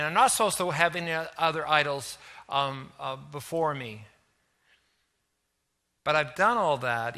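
Male pastor, high and very bright voice, animated storyteller in a sermon. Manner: animated storytelling, acts out quoted lines.

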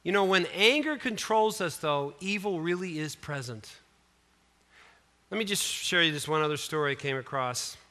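A male pastor preaching a sermon in a fairly high voice with a bright, forceful edge. He tells his stories with lively swings in emphasis and drops in casual asides to the congregation. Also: moderate pace. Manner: animated storytelling, voice rising and falling for emphasis.

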